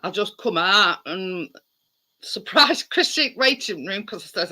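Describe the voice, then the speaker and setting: A man with a high, bright voice hosts a casual livestream chat, spinning stories with frequent laughs. His delivery is animated and forceful at a measured pace, heard over a livestream video call.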